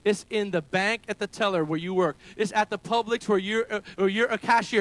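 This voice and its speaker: A male pastor delivers a sermon in a very high, bright, forceful voice. He calls to the congregation for amens and builds to loud, emphatic peaks. He preaches from a church gathering held in a school building. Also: steady tone, fairly quick, few pauses. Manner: call-and-response preaching, rising to shouts.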